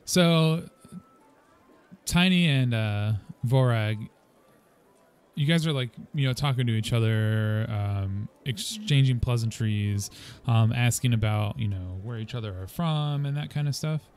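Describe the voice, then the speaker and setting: A man narrating a tabletop game as game master in a relaxed way with many fillers. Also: mid-range voice, a little slow, smooth.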